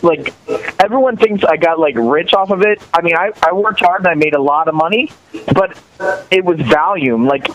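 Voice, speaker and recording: A middle-aged man on a podcast as a guest, rambling through animated stories and restarting his sentences often. His voice is a bit high for a man, with faint hiss behind it. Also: low-quality recording. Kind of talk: casual chat.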